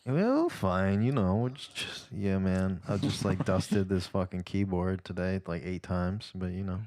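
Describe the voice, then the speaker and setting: A man's voice: low voice, animated, a little slow, darkish tone. A man voicing a laid-back, bored office worker in an improvised comedy bit.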